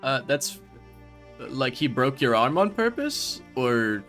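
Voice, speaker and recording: A man's voice: mid-range voice, very animated, takes it slowly, a bit bright, soft background music. A man streaming a game, chatting to viewers in a rambling, self-mocking way. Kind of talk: casual live-stream chatter.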